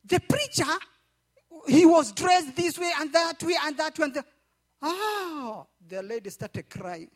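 A man preaching, his voice pitched very high. He tells a story to the congregation and keeps repeating phrases, pulling them into call-and-response. His delivery rises and falls in a lively way. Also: measured pace. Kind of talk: sermon with storytelling.

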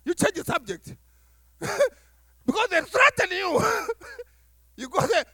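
A man preaching a sermon as pastor to his church, animated, acting out little dialogues and laughing as he talks. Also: very high voice, takes it slowly, pauses often, dry recording, clean studio sound.

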